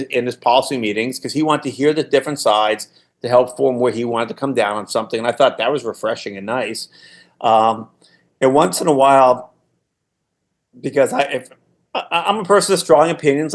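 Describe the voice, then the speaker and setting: A man in his sixties, a former political staffer, telling anecdotes in a casual podcast conversation, often restarting his sentences. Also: medium pitch. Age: 60s. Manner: anecdotal storytelling with frequent restarts.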